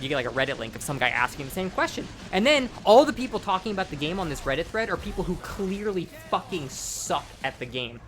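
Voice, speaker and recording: A man's voice: fairly high pitch, fairly bright tone. A tipsy young man rambling and swearing as he commentates his own gameplay. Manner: rambling, heavy swearing, frequent restarts.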